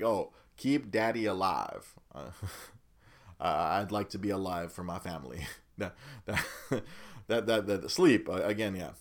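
A young man with a lowish voice talks casually to his viewers. He rambles with lots of restarts and laughs. He sounds like a tired new dad telling the story of his week. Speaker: vlogger and new father.

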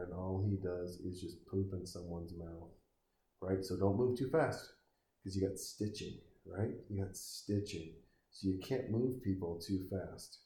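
A deep, mellow male voice comes through with a little hiss or hum in an echoey room. He's watching a film and mocking it, swearing and tossing sarcastic, crude comments at what he sees.

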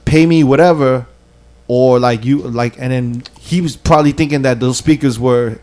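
A man's voice: medium pitch, moderate pace, darkish tone. Slangy man telling a rambling story. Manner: rambling, slangy, quotes people in voices. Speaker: podcast co-host telling a story. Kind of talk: casual storytelling among friends.

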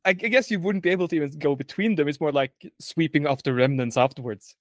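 A man's voice: a little high, quick pace, dry recording. A man co-hosting a podcast, dropping dry joking asides in casual chat. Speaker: podcast co-host.

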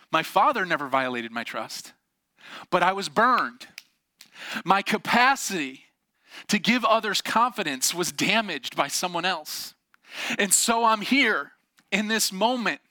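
A man's voice: high-pitched, no room sound, studio quality. A young adult man preaching a sermon as a pastor, telling a personal story and acting out the voices in it. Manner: animated storytelling with acted-out quotes.

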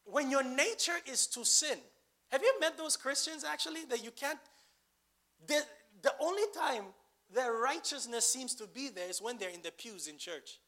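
A man's voice: very high voice, lively intonation, moderate pace, sharp tone. A man preaching a sermon, asking the congregation questions and building to emphatic bursts.

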